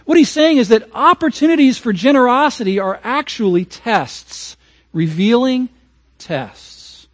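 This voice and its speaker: A pastor delivers his sermon in a high, light man's voice, pressing hard on key words and then dropping to near-hushed asides. The recording is close and completely dry, with no room sound behind him. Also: animated, unhurried, no room sound. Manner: emphatic preaching, swings from raised to hushed.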